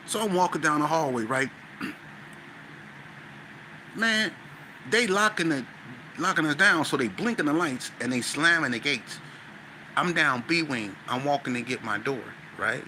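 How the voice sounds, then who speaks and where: A man, a podcast guest, tells a story in a lively, slangy way and acts out scenes with sound effects. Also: a little high, normal speed, a little hiss or hum. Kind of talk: animated storytelling.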